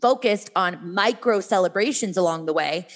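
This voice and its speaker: A woman talking as a guest in a casual podcast conversation, energetic and motivational, with quick runs and many fillers. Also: mid-range voice.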